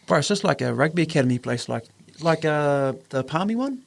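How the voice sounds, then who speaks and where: A man's voice: on the high side, big pitch swings, brisk, vocal fry, slight background noise. A man with a New Zealand accent telling a personal story in a casual podcast chat, earnest, acting out the voices of the people in it. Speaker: podcast host.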